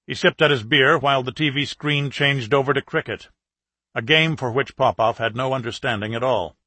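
A man narrating a thriller audiobook in a steady, even manner on a close mic. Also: mid-range voice, moderate pace, no echo. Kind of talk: scripted narration.

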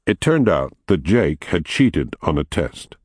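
A man reading a novel aloud as an audiobook narrator, in a measured, even storytelling manner. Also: low voice, husky, dry recording, studio quality. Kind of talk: scripted narration.

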